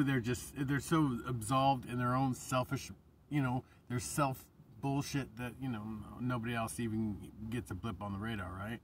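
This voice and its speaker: A man's voice: mid-range voice, fairly bright tone, recorded from a distance. A man vlogging in a casual, rambling monologue, passionate and profane, often restarting his sentences.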